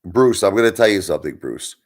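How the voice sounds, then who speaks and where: A man's voice: low-pitched, lively intonation, fast. A man hosting a livestream, ranting bluntly at his viewers, swearing and mocking them. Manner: blunt, swearing, mocks viewers in put-on voices. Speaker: livestream host.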